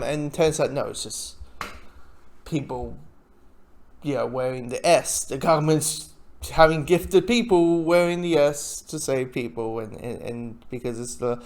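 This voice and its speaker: Rambling, slightly high-voiced man. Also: takes it slowly. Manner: rambling, self-interrupting, chuckles often. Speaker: TV reviewer. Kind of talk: casual spoken review.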